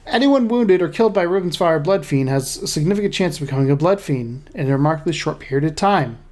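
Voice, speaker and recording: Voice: medium pitch, animated, quick pace, a little mellow, close to an everyday voice. A gamer reading a scholar's journal aloud in a put-on British accent, dramatic and grave. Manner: dramatic, stumbles over hard sentences. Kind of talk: reading in-game lore aloud.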